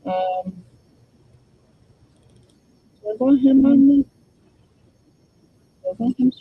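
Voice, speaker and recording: A woman's voice: high voice, slow, slightly rough, narrow, tinny audio. A woman hosting a casual crafting demo, thinking aloud and chatting to her viewers while she works. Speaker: crafting channel host.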